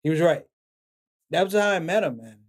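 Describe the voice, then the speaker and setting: A male comedian, a guest on a podcast, telling a story in a lively conversational way and acting out the dialogue he quotes. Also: fairly high pitch, fairly quick. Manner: animated, acts out quoted dialogue.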